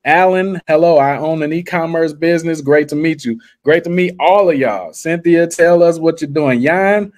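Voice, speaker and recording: Man, livestream host, hyped slangy salesman patter, slightly high voice. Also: normal speed, hardly any pauses, a little mellow. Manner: talks straight to viewers, often says "guys". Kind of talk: live screen-share tutorial with chat shout-outs.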